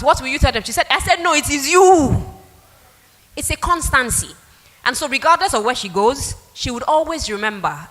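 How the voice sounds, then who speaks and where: A woman speaks to a room of parents, acting out conversations with her children as she goes. Her voice is fairly high and swoops widely. A long reverb trails each phrase. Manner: animated storytelling, acts out dialogue. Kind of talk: public talk with anecdotes.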